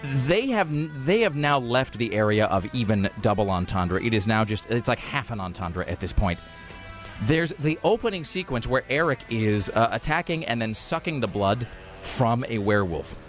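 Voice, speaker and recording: Brief: male podcast host, mocking and sarcastic, very animated pitch, casual rambling. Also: moderate pace, faint music behind. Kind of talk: casual chat.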